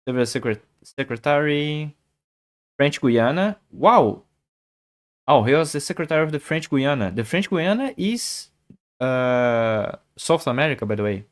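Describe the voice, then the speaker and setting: A man's voice: mid-range voice, animated, measured pace. A man, chatting casually on a chess stream, thinking aloud and repeating himself. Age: 40s. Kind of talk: casual live-stream chat.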